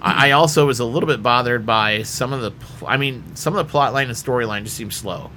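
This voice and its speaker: A man's voice: mid-range voice, fairly quick, bright, forceful tone, slight background noise. A man hosting a casual fan discussion, leading the panel with questions. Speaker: podcast host.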